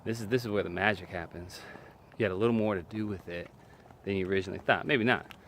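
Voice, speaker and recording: A man's voice: low-pitched, quick pace, fairly bright tone, slight background noise. A man giving an earnest, emphatic talk from personal experience. He repeats short phrases and keeps saying "man". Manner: speaks from personal experience, faith-based. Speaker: video speaker on relationships.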